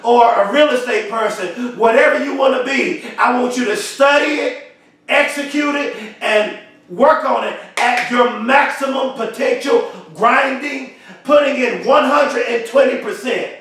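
High-voiced emphatic motivational speaker, echoey. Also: male voice, unhurried, fairly bright tone. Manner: emphatic, repetitive, preacher-like delivery. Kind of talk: motivational speech. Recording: very echoey, from far off the mic.

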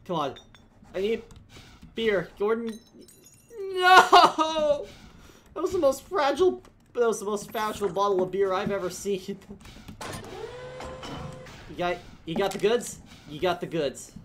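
A woman streamer giving casual gameplay commentary, laughing, swearing and reacting loudly. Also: mid-range voice, normal speed, long pauses, a little hiss or hum.

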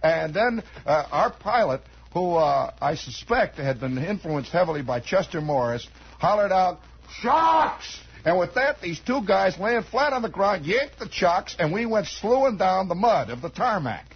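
Brief: American male radio host in his forties, a high raspy voice, meandering yarn-spinning monologue, lo-fi vintage broadcast. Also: expressive, moderate pace, few pauses. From United States. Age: 40s. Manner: meandering, wry, with many asides. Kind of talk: rambling improvised radio monologue. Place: radio studio. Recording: dull lo-fi 1960s radio recording.

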